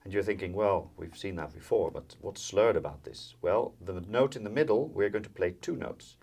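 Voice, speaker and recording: A man's voice: deep voice, moderate pace, gravelly. A man from the Netherlands giving a jazz violin lesson, explaining step by step with frequent fillers and counting in. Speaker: violin teacher. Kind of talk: instructional music lesson. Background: violin and guitar playing.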